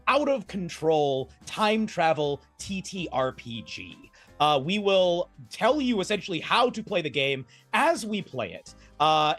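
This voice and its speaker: A man's voice: high-pitched, a bit bright. A man acting as game master, introducing a tabletop game with enthusiastic, playful emphasis.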